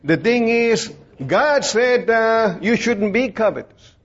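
A man's voice: very high voice, expressive, slow. A man preaching an informal sermon in a plain-spoken, folksy way, rambling with many fillers and restarts. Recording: dull lo-fi recording.

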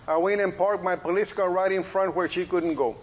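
A middle-aged man, a preacher and police officer, telling a testimony in a sermon as a folksy story with lively quoted dialogue. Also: high voice, fairly quick, low-quality recording.

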